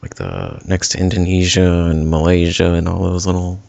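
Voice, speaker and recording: A very deep-voiced man co-hosting a podcast, easygoing and quick to joke. His voice has a gravelly fry to it. The recording is dull and lo-fi. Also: flat delivery, a little mellow, no room sound. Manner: laid-back, jokey, laughs often. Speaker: podcast co-host. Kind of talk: casual chat. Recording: dull lo-fi sound.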